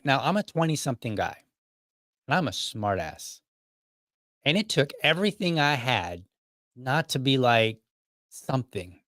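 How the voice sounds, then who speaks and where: A man's voice: medium pitch, fairly bright tone, dry recording, clean studio sound. A man hosting a podcast, telling a personal story in a casual, argumentative and wry way. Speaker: podcast host.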